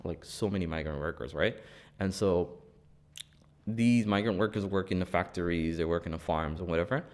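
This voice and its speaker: A man's voice: low-pitched, normal speed. A young man co-hosting a podcast in a studio, chatting casually and telling funny stories with lots of laughter. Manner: animated storytelling, laughs often, acts out quoted voices. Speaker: podcast co-host.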